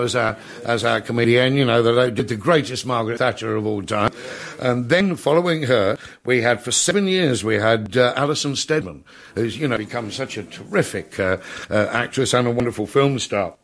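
A man's voice: mid-range voice, a bit bright. An older man, an entertainer, telling comic backstage anecdotes in a chatty way, full of "you know" asides. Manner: chatty, peppered with "you know", laughs at his own tales.

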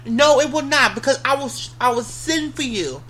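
A woman in casual chat, ranting heatedly and getting loud when riled. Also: high voice, lively intonation, moderate pace.

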